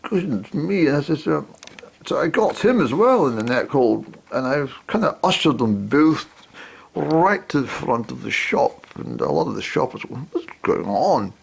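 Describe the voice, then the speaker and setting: A man telling a rambling comic story, hesitating with lots of ums, in a raspy, creaky voice. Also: mid-range voice, sing-song, normal speed.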